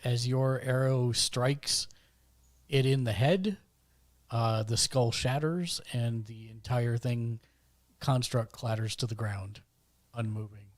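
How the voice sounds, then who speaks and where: A man's voice: medium pitch, fairly even intonation, takes it slowly, no room sound. A man running a tabletop game as game master, narrating the action steadily with small fillers.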